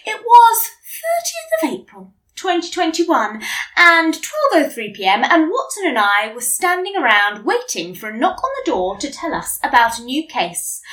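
A woman speaking softly and calmly as she leads a short mindfulness exercise. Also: high voice, measured pace. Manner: hushed, calming. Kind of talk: soft-spoken guided mindfulness.

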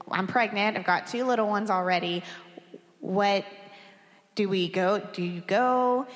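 A woman's voice: mid-range voice, fairly bright tone. A woman in her thirties, a pastor, telling a candid and emotional personal story during a sermon, with light laughs between phrases. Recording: long hall reverb.

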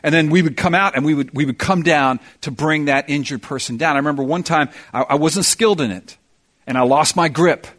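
A male pastor delivers a sermon with animated storytelling, often doubling back on his words as he builds up. His voice sits a little high for a man. He moves into prayer in the same earnest preaching manner. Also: brisk.

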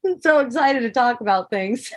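A woman's voice: medium pitch, a bit bright. A middle-aged woman telling a personal story in a casual spoken monologue, laughing often and asking "right?" to keep the listener with her.

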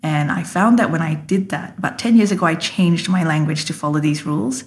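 Low-voiced woman coach explaining emphatically. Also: brisk, slight background noise. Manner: emphatic, acts out example phrases. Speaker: leadership coach, guest. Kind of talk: explanatory interview talk.

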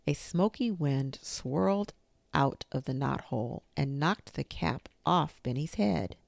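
A woman reading a children's storybook aloud in a slow, expressive manner. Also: low voice, gravelly, dry recording. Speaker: narrator.

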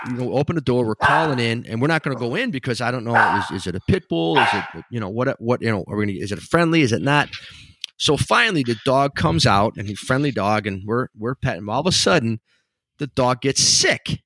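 A male podcast co-host, a former police canine handler, telling a story in a relaxed, unhurried way in casual chat. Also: mid-range voice, a little hiss or hum.

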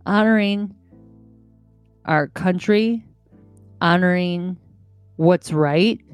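A woman hosts her podcast in a slow, unhurried monologue, her voice sitting fairly low. She sounds earnest and heartfelt and repeats key words for emphasis. Soft music plays faintly underneath. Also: clear, resonant tone, dry recording, clean studio sound. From United States. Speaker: podcast host. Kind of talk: casual monologue.

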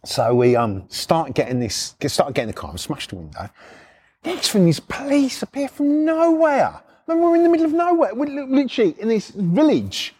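A man's voice: extremely high pitch, sing-song, fairly quick, darkish tone, slightly rough. A middle-aged man, a former repo man telling a casual anecdote in a blunt, profane, slangy way. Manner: blunt and profane, slangy, chuckling through the story.

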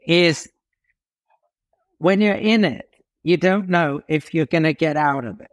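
A man from England telling a story as an interview guest, animated, with dramatic pauses and emphatic swings in pitch. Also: no room sound, studio quality.

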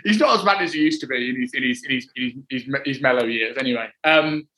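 A man's voice: mid-range voice, fast talker, bright, forceful tone, rough recording. A man hosting a podcast, chatty and rambling, with lots of "like" and "you know". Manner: chatty, rambling, many fillers. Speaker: podcast host. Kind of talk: casual podcast chat.

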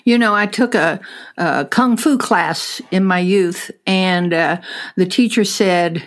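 A woman's voice: lowish voice, takes it slowly. A woman host in a casual interview who asks questions, adds her own stories and laughs along with her guest.

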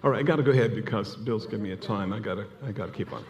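A man's voice: on the low side, racing, darkish tone. A man preaching a sermon, telling a story with energy and acting out the voices of the people in it. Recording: hall reverb with music behind. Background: music.

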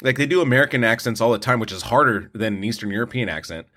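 His medium-pitched voice is bright, forceful and highly expressive as he races through a casual movie review chat. He's a podcast co-host and film reviewer, rambling opinionatedly with many restarts.

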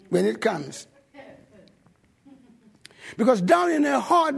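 A male pastor telling stories in a sermon, animated and swinging from loud bursts to low asides. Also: gravelly, breathy edge. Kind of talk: sermon storytelling.

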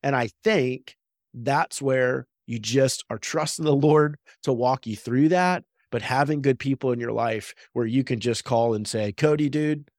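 A man's voice: mid-range voice, measured pace, darkish tone, no echo. An earnest man in his thirties tells a workplace story in casual podcast chat. He often checks in with his listeners by asking "right?" His mid-range voice sounds dry and close to the mic. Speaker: real estate agent and podcast co-host. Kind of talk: casual faith-based business podcast chat.

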